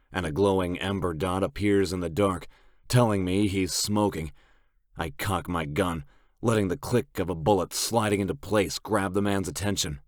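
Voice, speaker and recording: A man narrating a first-person romance audiobook in a steady, gritty storytelling manner. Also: low voice, no room sound, clean studio sound.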